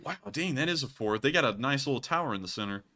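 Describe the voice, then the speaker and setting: A man's voice: medium pitch, lively intonation, fast, bright, forceful tone. A man hosting a casual live stream, chatting and rambling with frequent laughs. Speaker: streamer host.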